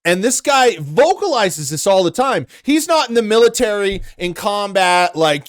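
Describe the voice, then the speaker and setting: A man's voice: high-pitched, lively intonation, moderate pace, hardly any pauses, smooth, dry recording, studio quality. A young man hosting angry reaction commentary, ranting in an exasperated way and swearing often. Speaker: commentary host.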